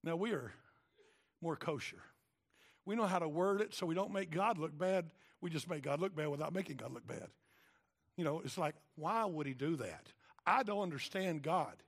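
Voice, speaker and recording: A man preaching a sermon, his voice pitched fairly high. He moves from quiet asides to emphatic, rising questions as he speaks in God's voice. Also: normal speed. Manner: animated, paraphrasing God in rising, emphatic bursts.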